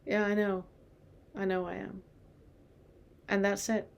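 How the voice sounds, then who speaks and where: A woman with a mid-range voice leads a spiritual teaching lesson. She talks calmly and reflectively and keeps turning the listener back on themselves with rhetorical questions. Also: mid-range voice, a little slow, vocal fry. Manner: calm, reflective, asks many rhetorical questions.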